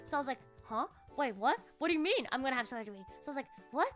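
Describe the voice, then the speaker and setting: A woman's voice: high-pitched, lively intonation, racing, faint music behind. A woman streamer telling a story in a casual, rambling, profane way.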